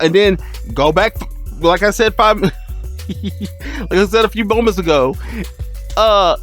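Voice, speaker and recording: A man telling a funny storytime as a streamer, animated, laughing and exclaiming as he goes. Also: sits high. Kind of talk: storytime vlog.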